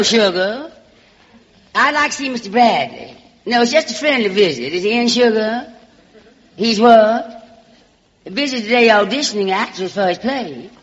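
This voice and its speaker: A woman's voice: on the high side, fairly bright tone, pitched above the performer's own voice. Woman putting on a pushy Southern teen. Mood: sweet-pushy. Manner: sugary drawl, calls everyone sugar and darling. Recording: dull old radio broadcast, reverberant.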